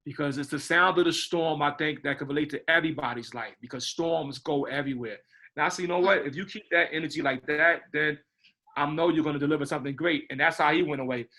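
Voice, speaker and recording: Man, film director, bright tone, fairly high voice, casual rambling interview talk. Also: fast talker. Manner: rambling, repeats words, says "you know what I mean".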